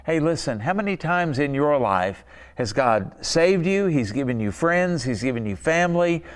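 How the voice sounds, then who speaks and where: A man's voice: fairly high pitch, animated, normal speed. A man preaching a sermon, telling stories in a folksy way and asking his listeners questions. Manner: folksy storytelling with rhetorical questions. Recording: reverberant hall.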